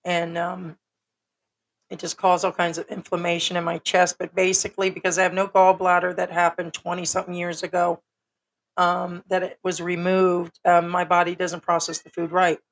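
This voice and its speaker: Sick american lady, raspy throat, kinda low voice, just chatting on her livestream with lots of ums. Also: a bit bright. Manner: rambling, frank, with many ums. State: sick, hoarse. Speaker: livestream host. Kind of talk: casual livestream chat.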